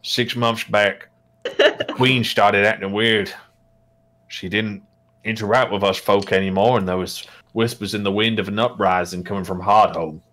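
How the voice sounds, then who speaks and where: Gruff orc farmer, blunt rustic drawl, a man putting it on. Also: steady tone, normal speed, a bit bright, close to an everyday voice. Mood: storytelling. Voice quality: gruff, low. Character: gruff male orc farmer, rough-spoken.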